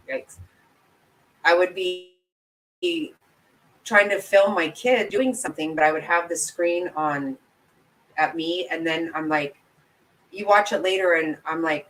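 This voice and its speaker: A woman's voice: on the low side, a bit bright, a little hiss or hum, low-quality recording. Giggly chatty woman with a drawl. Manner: chatty, giggly, self-deprecating. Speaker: commentary channel host. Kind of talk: casual livestream chat with viewers.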